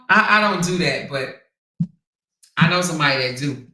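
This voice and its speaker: A woman hosting a casual livestream, telling stories and reading viewer comments in an animated, sassy way. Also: low voice, normal speed. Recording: roomy echo.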